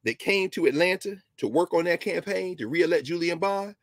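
A man's voice: high voice, normal speed, no echo. A man giving a history lecture on a talk show, telling the story with emphasis and dropping into casual asides.

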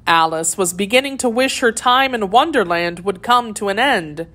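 Woman storybook narrator, mid pitch, very animated intonation. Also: moderate pace. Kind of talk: storybook read-aloud.

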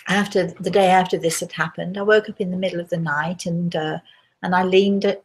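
A woman's voice: on the low side, steady tone, brisk. A woman hosting a live talk, telling stories and answering viewers' questions in a conversational way, with frequent hesitations and restarts. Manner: hesitant, with many restarts and fillers. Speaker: host and spirit medium.

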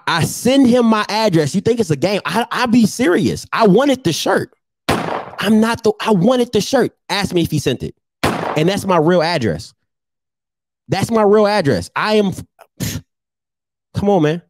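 Male vlogger, lively teasing roast delivery, slightly high voice, dry close sound. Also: dry recording. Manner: animated, teasing, laughs often. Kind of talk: casual comedic roast commentary.

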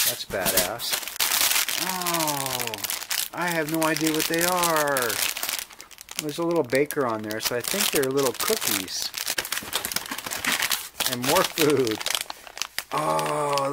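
A motorcycle channel host reads viewer letters in a creaky, mid-range voice over heavy background noise. Easygoing and drily humorous, he plays along with the gag submissions.

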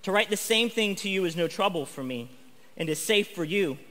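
A high-voiced man preaches a school chapel sermon in a casual, energetic way, leaning hard on the words he wants to stress. His voice is bright and forceful. Long reverb from a large chapel hall trails each phrase. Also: brisk. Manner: energetic and conversational, lively emphasis. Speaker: chapel speaker.

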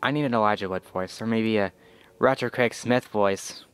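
A man's voice: fairly low pitch, normal speed, fairly bright tone, clean tone. 16 yo guy rambling thru a channel update, lots of ums, kinda self-doubting. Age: teen. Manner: rambling, many fillers and self-corrections; unsure and self-critical. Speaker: channel owner. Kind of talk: casual vlog update.

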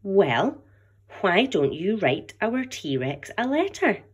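A woman's voice: medium pitch, big pitch swings, takes it slowly, breathy edge, lo-fi sound, voice pushed up, exaggerated voice. A woman reading aloud as a cheerful, helpful female museum curator in a picture book. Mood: friendly.

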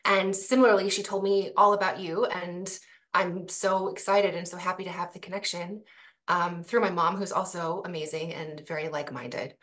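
A woman who is a nutritionist, a guest on a casual podcast, friendly and upbeat and quick to laugh. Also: fairly low pitch, steady tone, a bit bright. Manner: friendly, upbeat, laughs easily, some restarts.

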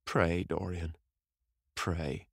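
Man plays a horrified middle-aged male painter, shrill exclamations, close and dry. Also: normal speed, no echo. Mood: pleading.

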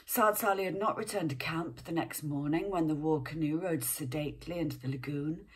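A woman's voice: deep voice, fairly quick, husky. A woman reading a book aloud page by page, breaking off for chatty asides and sometimes dropping to a whisper. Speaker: reader.

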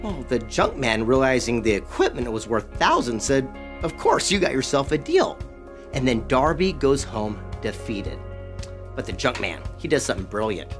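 A man narrating a story in a dramatic, animated way, acting out the characters' lines. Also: medium pitch, moderate pace, soft background music. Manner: animated, acts out characters' quotes.

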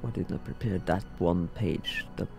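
A man's voice: deep voice, moderate pace, creaky, over music. A man playing a tabletop game, talking casually and thinking aloud as he works things out. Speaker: player.

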